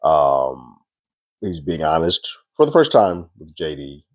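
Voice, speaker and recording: A man's voice: a bass voice, very animated, slow pace, no echo. A man reviewing a TV episode in a casual, conversational recap, slipping into the characters' lines as he retells the plot. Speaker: TV series reviewer.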